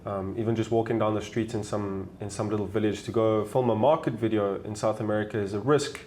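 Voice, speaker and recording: A man's voice: on the low side, quick pace, slight background noise. South African man telling street stories. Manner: animated, acts out voices in his stories. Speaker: travel YouTuber guest. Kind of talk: casual storytelling.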